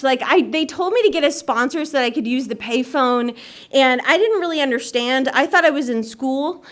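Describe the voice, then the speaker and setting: A woman with a fairly high voice tells her recovery story to a meeting. She talks in a chatty, self-mocking way and laughs at herself often. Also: fairly bright tone. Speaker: AA meeting speaker. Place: meeting hall.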